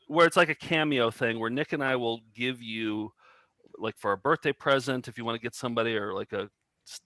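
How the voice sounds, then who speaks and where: A man's voice: mid-range voice, brisk, bright, forceful tone, no room sound. A middle-aged man co-hosting a casual chat show, rambling with lots of fillers and restarts. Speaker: co-host.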